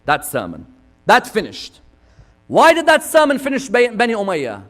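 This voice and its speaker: A man preaching an impassioned religious sermon, swinging from loud cries to hushed asides and asking rhetorical questions. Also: high-pitched, wildly swooping pitch, normal speed.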